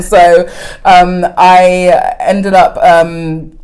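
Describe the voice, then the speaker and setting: Casting: woman, 30s, low voice, chatty rambling guest, fillers, laughs through anecdotes. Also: drawn-out words, a crowd in the background. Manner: rambling, many fillers, bursts of animated laughter when telling stories. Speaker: podcast guest, coffee educator. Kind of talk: casual interview chat.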